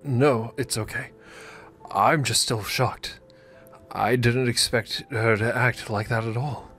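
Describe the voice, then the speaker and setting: A man gives voice to a polite young groom in a texted drama, calm and apologetic. His pitch sits in an ordinary middle range, with faint music under the read-out messages. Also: slow. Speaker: groom in a texting story.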